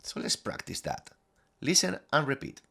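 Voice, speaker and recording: A man teaching a scripted Spanish lesson, modelling phrases clearly and deliberately for learners to repeat. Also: medium pitch, huge pitch swings, sharp tone.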